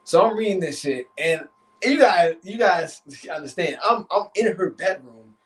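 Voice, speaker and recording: A man with a fairly high voice tells a story on a live stream. He is animated and swears freely as he talks. He acts out the voices of the people in his story. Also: moderate pace, rough recording. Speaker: therapist and relationship coach.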